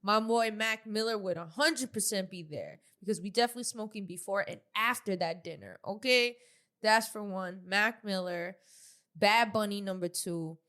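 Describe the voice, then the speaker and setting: A woman's voice: mid-range voice, normal speed, fairly bright tone. A young woman co-hosting a podcast in casual chat, slangy, swearing freely and laughing often. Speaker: podcast co-host.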